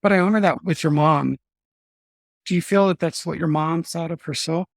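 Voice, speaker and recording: A podcast host with a gravelly voice, asking questions gently and carefully. The sound is dry and close, with no room around it. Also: medium pitch, moderate pace, no room sound. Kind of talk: interview questions.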